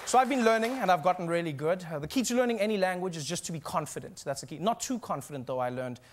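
A man from South Africa performing a stand-up comedy set on stage, animated and acting out little voices. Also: sits high, quick pace, a faint crowd. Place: theater stage before a live audience.

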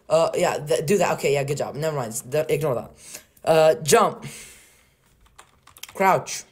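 A young man hosting a game server, commentating in a casual, excitable and joking way at a desk mic. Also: a little high, unhurried, long pauses. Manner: excitable, joking and laughing, trolling players. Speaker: game server host and YouTuber.

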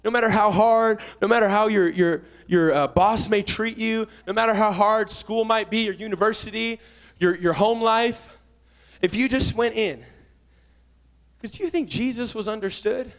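A young man with a high-pitched voice preaches fervently as a guest preacher. His sermon climbs to shouts, then drops into quick asides.

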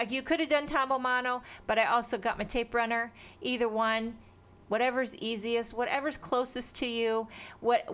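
A woman's voice: mid-range voice, fairly bright tone. A woman with children of her own, explaining a card-making craft step by step in a chatty, rambling way, with self-deprecating asides. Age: adult with children. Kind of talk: casual crafting tutorial.

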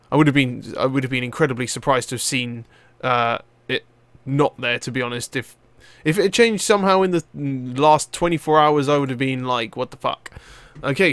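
Excitable young gamer, dry sound. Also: male voice, medium pitch, no echo. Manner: excitable, rambling, swears casually. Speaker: gaming video host. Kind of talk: let's play commentary.

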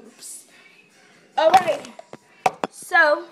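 A woman vlogging casually from a home kitchen, excitable and dramatic, with squealing reactions. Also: very high-pitched, drawn-out words, roomy sound, very noisy. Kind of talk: casual vlog chat.

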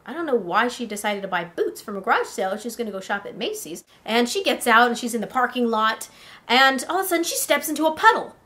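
A woman casually telling a first-person adventure story in an animated way, as a vlogger. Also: on the high side, fast talker. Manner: animated, breathless tale-telling.

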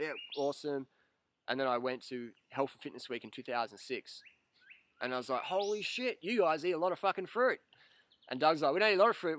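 A man vlogging, telling a story in a casual, animated way, swearing, laughing and acting out what people said. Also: medium pitch, a little hiss or hum.

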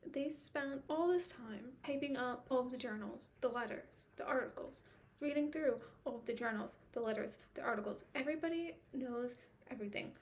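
A woman with a fairly high voice talks through a book recap for her vlog, casual and animated. She rants in exasperation and fires off one rhetorical question after another. A faint hiss sits under the recording. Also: normal speed. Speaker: book vlogger.

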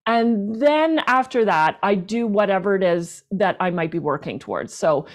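A woman flute player, a professional performer and teacher, chatting in an interview, animated and talkative with lots of restarts. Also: mid-range voice, normal speed. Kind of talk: casual interview chat.

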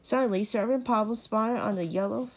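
A woman reading a children's storybook aloud, halting and restarting as she reads. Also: on the high side. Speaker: storybook reader.

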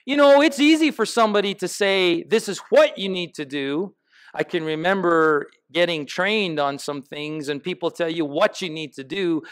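A man's voice: sits high, gravelly, a bit bright. A man preaching a sermon as pastor in a church, building emphatic lists and asking the congregation questions. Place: church sanctuary.

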